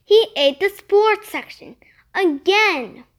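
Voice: extremely high pitch, animated, slow, a bit bright, voice pushed up, full character voice. A child reader voicing a grumpy, exasperated middle-aged father in a storybook.

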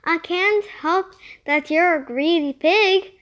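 An eager young boy from a storybook, a little nervous and quick to plead, voiced by a child reading aloud. The voice is high and light. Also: fairly bright tone, full character voice.

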